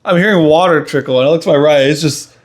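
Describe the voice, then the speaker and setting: A young man co-hosts a podcast, his voice a little high and his pace quick. He chats casually in a laid-back, teasing way and laughs easily.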